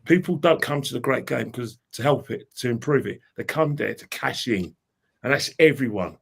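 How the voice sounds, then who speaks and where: A man with a London accent, a panelist in a casual football chat, talking in an opinionated, animated way. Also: medium pitch, normal speed, gravelly, slightly rough.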